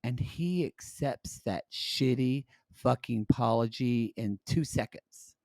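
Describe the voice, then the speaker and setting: A man co-hosting a podcast, recapping a reality show in casual chat with catty, expressive commentary and free swearing. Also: mid-range voice, slow, no room sound. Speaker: podcast co-host.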